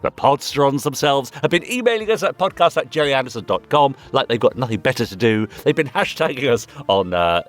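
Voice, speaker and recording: Co-host, man, jokey banter with a very lively, swooping delivery. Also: mid-range voice. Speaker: podcast co-host. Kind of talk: casual chat. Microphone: remote recording.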